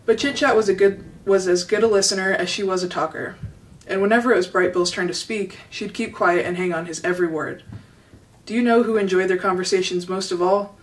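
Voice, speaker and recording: A woman reading a children's novel aloud in a steady, gentle way. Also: mid-range voice, fairly quick, distant mic, poor audio. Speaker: storybook reader.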